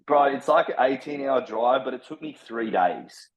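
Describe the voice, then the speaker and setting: A man's voice: mid-range voice, expressive, normal speed, highs cut off, a crowd in the background. An Australian man telling his story as a podcast guest, blunt and full of slang and swearing. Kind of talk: casual storytelling.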